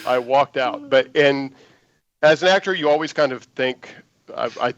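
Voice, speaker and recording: A man, an actor guest, telling an animated audition story in an interview and acting out the lines he quotes. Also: medium pitch, normal speed, no echo, dull audio.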